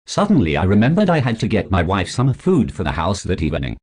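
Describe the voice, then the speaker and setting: A man's voice: deep voice, huge pitch swings, fast, darkish tone. A man narrating a story in the first person as a scripted audiobook reading.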